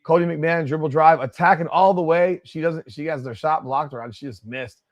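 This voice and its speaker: A man hosts a live watch-party stream, calling the plays bluntly and profanely with exasperated outbursts. His voice is a little high and brisk, and the audio sounds dull.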